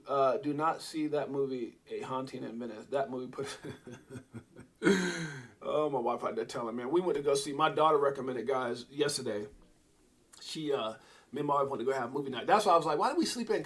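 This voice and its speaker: A middle-aged man hosting a casual crypto livestream, rambling and breaking into loud excited bursts. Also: mid-range voice, a little fast.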